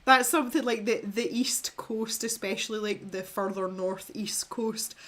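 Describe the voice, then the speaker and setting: A woman from Scotland with a mild Scottish accent hosts an art livestream, chatting casually and reading viewer comments aloud. Her mid-range voice has a fairly bright tone and moves at normal speed. She laughs a lot and often rambles and restarts her sentences.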